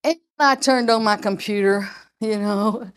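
A woman's voice: medium pitch, measured pace. A woman giving an informal sermon full of personal testimony, chatty and repeating herself with frequent restarts. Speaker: lay preacher.

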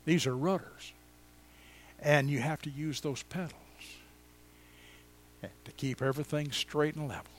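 A man, preaching a sermon in a church and telling personal stories in a folksy, chatty way, swinging from loud exclamations to quiet asides. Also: on the high side, unhurried, long pauses. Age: 70s. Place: church before a congregation.

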